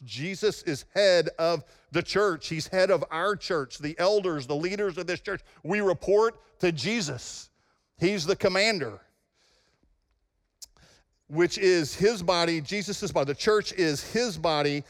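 A man's voice: on the high side, unhurried. A man preaching a sermon as pastor, emphatic and often checking in with his congregation. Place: church sanctuary. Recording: long hall reverb in a church.

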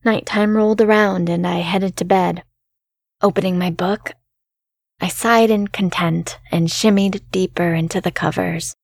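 Slow, gravelly woman narrating horror. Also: on the low side, steady tone, no echo, clean studio sound. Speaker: story narrator. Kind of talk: scripted horror story narration.

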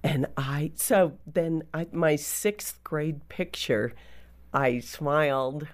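A woman co-host with a low voice who speaks slowly. She tells stories gently and answers the others with soft affirmations. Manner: gentle, affirming, slow storytelling. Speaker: radio show co-host. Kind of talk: conversational interview.

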